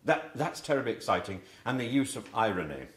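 A man's voice: mid-range voice, big pitch swings, a little fast, a bit bright. A man from England teaching a class about books, rambling and chatty, with many fillers and restarts. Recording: echoey classroom.

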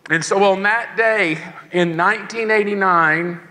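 In a large church hall with a long reverb, a man in his sixties preaches a sermon to young people, telling an emotional personal story and acting out other people's voices. His voice sits high and sounds pushed and bright, and he speaks without hurrying.

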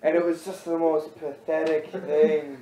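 A man's voice: on the high side, level tone, unhurried, mellow. A young man co-hosting a podcast, telling rambling stories in a casual chat and laughing often. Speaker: podcast co-host. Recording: echoey room.

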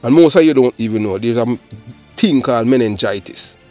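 Jamaican man, channel host, solo commentary, emphatic and rambling, patois-heavy, middling pitch, faint music underneath. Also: fairly quick, darkish tone.

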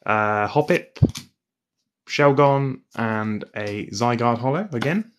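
A man's voice: medium pitch, slow pace, smooth. A young man hosting a live stream, steadily calling out card names as he opens packs and chatting with his co-hosts. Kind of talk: live-stream pack opening chat.

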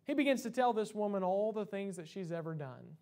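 High-voiced preacher giving a sermon. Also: male voice, animated, a little fast, mellow. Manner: conversational preaching with many fillers and restarts. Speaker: pastor. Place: church sanctuary.

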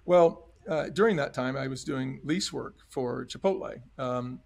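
A middle-aged former restaurant chain executive, appearing as a podcast guest, tells his story in a mid-range, slightly slow voice that is creaky and somewhat dark. He's earnest and emphatic, frequently acting out what other people said.

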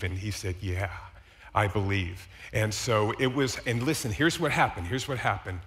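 A man preaching a sermon as a pastor, telling a personal story in a conversational, animated way with asides to the congregation. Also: lowish voice, moderate pace. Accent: Midwestern American. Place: church sanctuary.

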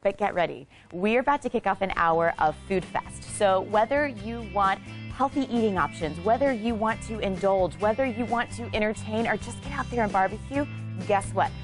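Bubbly upbeat shopping channel hostess. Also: female voice, mid-range voice, expressive, normal speed, music in the background. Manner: bubbly, upbeat selling patter. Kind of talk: live home shopping presentation.

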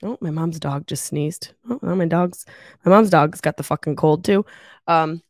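A woman in her thirties hosts her own podcast with a cold-stuffed nose, recording solo from her mother's house on a travel mic with no pop filter. She tells stories in an animated way, swearing, joking, and laughing as she chats. Her voice is low and her speed normal, with no echo and studio-quality sound.

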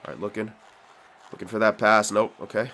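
A young man giving frustrated, excitable play-by-play commentary while playing a video game, swearing often. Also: on the low side, brisk. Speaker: gaming commentator.

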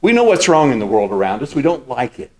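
A male pastor delivering a sermon in a teaching manner, walking his listeners through a passage point by point. He leans on key words and repeats them to drive them home. His voice sits at an ordinary pitch for a man. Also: very animated, fast, darkish tone. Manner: teaching, explains scripture step by step.

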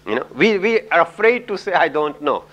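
Middle-aged lecturer from India, somewhat high-voiced, chatty storyteller. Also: male voice, sing-song, brisk, fairly bright tone, muffled recording. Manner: chatty, frequent "you know", laughs at own stories. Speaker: communication trainer and lecturer. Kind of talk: lecture with anecdotes.

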